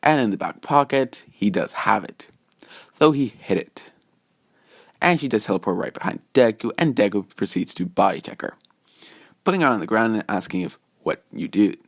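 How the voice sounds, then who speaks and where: A man's voice: fairly low pitch, lively intonation, normal speed, dry recording, clean studio sound. Rambling man telling a fan story. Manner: rambling, full of restarts and "just saying". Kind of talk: casual fan-fiction narration.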